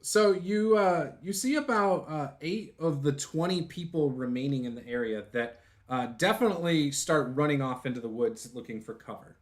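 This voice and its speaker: A man narrating as game master of a tabletop role-playing game, relaxed and chuckling often. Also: on the high side, normal speed, few pauses. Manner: relaxed, chuckling, uses fillers.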